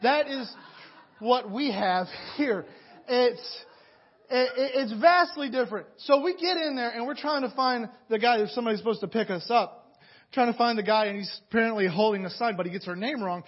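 A young man from Atlanta preaching a sermon, telling a story with animated, dramatic energy and many restarts. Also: very high-pitched, moderate pace. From Atlanta, USA. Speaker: pastor. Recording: dull lo-fi recording.

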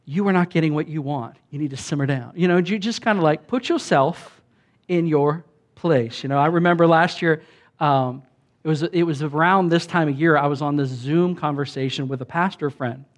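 A man's voice: a little high, moderate pace. A man preaching a casual, conversational sermon as a pastor, acting out quoted voices with big jumps in his voice.

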